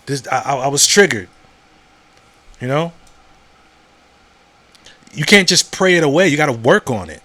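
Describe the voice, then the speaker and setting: A man's voice: fairly high pitch, animated, measured pace, long pauses, bright, forceful tone, dry recording. Male podcast host, casual monologue, blunt and repetitive, conversational. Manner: conversational, repeats words and asks "you know what I'm saying?"; frank and profane.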